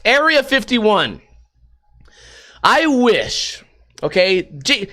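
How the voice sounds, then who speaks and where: A man's voice: sits high, very animated, takes it slowly, pauses often, sharp tone. A man hosting a podcast, rambling through a casual, sarcastic and profane monologue. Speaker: podcast host.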